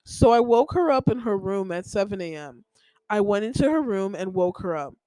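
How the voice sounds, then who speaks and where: A young woman with a mid-pitched voice tells a personal story on her podcast, rambling and heated and full of filler words. The recording is close and dry. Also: expressive, moderate pace, dark tone, dry recording, rough recording. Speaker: podcast host.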